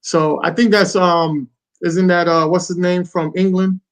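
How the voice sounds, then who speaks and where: Man, podcast co-host, casual rambling talk, slightly high voice. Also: flat delivery, a little slow. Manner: rambling, loose, repeats "you know what I'm saying". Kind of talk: casual chat.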